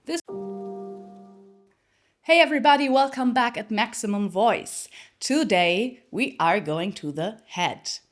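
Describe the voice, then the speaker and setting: A woman's voice: a little high, expressive, unhurried, soft background music. A woman voice coach explaining singing technique step by step, with a slightly turn of phrase, now and then breaking into short sung examples. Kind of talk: singing lesson with sung demonstrations.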